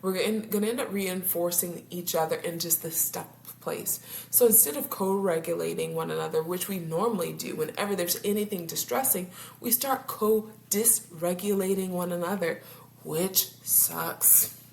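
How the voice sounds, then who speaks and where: A woman's voice: on the low side, normal speed, creaky, a little mellow. A woman couples therapist talking casually to her viewers, laughing often and tripping over her words. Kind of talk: casual talk to camera. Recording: roomy echo, faint background hum.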